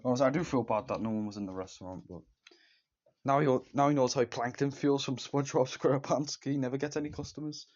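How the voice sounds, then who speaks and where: A man's voice: medium pitch, quick pace, darkish tone. A man giving a casual, rambling movie review, stringing scenes together with "and then" and now and then putting on silly voices for the characters. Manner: briefly acts out characters' lines with silly voices. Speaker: film reviewer. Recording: slightly dull lo-fi sound.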